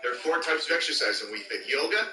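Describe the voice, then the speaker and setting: A man giving crude, deadpan comedic commentary while playing games, recorded from a distance in a roomy space with loud music behind. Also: mid-range voice, fast. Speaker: gaming video host. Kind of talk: joking gameplay commentary.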